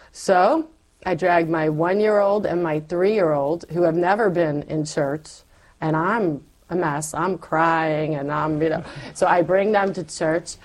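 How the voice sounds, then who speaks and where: A middle-aged woman shares her faith story in a frank, lively conversation, playing out her former self along the way. Her voice sits on the low side.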